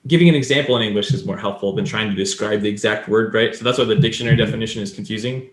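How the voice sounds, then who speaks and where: A man co-hosting a casual podcast speaks very fast in a voice on the low side, in an echoey room. He explains things at length and acts out example lines.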